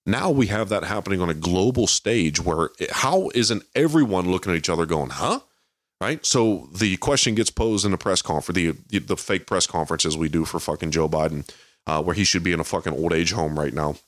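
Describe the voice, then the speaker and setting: Deep-voiced man ranting with heavy swearing. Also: a little fast, dry recording, studio quality. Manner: heated, swears constantly, mocking impressions. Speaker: podcast co-host. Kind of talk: profane political rant.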